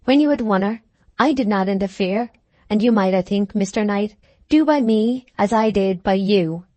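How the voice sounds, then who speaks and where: A man's voice: high voice, moderate pace, dark tone, no echo, lightly acted. A woman narrator voicing an earnest, bitter young man who argues passionately with an older rival over the woman he loves.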